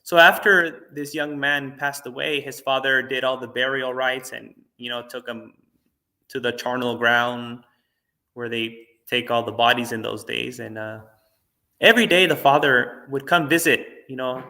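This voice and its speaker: A Buddhist monk giving a dharma talk, relaxed and conversational as he tells a teaching story. His voice is bright and forward, at a middle pitch for a man. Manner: relaxed, conversational, many fillers.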